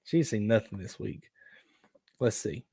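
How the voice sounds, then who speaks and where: A man hosting a casual outdoors live stream, rambling and excitable as he reacts to viewer photos. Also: fairly low pitch, moderate pace, husky, no room sound. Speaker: outdoors show host.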